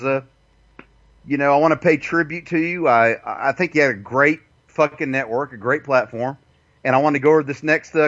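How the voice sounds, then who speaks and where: A man with a somewhat raised, very lively voice speaks as a guest on a talk show. He curses often and talks with a mocking tone. His audio sounds dull and lo-fi. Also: on the high side. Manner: animated, mocking, profane. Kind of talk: casual talk show chat.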